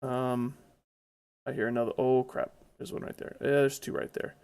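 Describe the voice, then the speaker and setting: A man's voice: mid-range voice, little pitch movement, moderate pace, gravelly, darkish tone, clean tone. A man giving casual, chatty commentary over his own gameplay, blurting out exclamations when startled.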